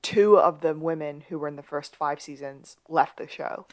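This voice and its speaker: A woman with a somewhat low voice co-hosts a casual podcast. She recaps a TV episode in relaxed, chatty talk, slipping in dry asides. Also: normal speed. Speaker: podcast co-host.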